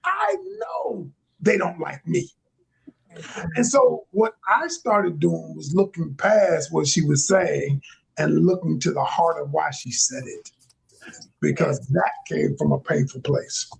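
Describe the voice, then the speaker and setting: A man speaking as a relationship coach on a live panel, explaining his view in a measured way. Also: a little high, creaky, breathy edge, low-quality recording. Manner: measured, explanatory, quotes others in a raised voice. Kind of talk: panel discussion on a live stream.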